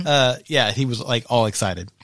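A man co-hosting a podcast in casual chat, an animated storyteller who acts out quoted lines and swears freely. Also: mid-range voice, unhurried, no echo, clean studio sound. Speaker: podcast co-host.

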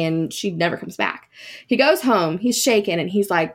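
A woman's voice: medium pitch, normal speed. A woman hosting a podcast, telling a ghost story in a casual, chatty way with many fillers and asides. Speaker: podcast host.

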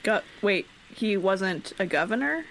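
A woman co-hosting a casual podcast, playful and quick to react with disbelief. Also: medium pitch, animated, fairly bright tone, rough recording. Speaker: podcast co-host.

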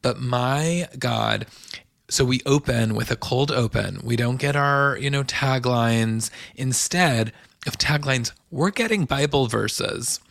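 A man's voice: medium pitch, takes it slowly, gravelly, fairly bright tone, no room sound, studio quality. A man hosting a podcast, giving a chatty, enthusiastic recap of a reality show in a casual solo commentary. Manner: chatty and enthusiastic, gushing asides.

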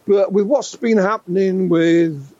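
In a slow, warm, high voice, an English man in his sixties shares stories as a guest UFO researcher in an interview, animated and prone to restarting. The dull lo-fi audio is dry, with no echo.

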